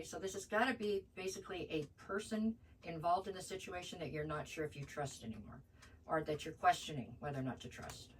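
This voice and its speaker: A woman's voice: sits low, recorded from a distance, slight background noise, low-quality recording. A woman giving a casual tarot reading at home, thinking aloud, hedging and repeating words as she goes. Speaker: tarot reader.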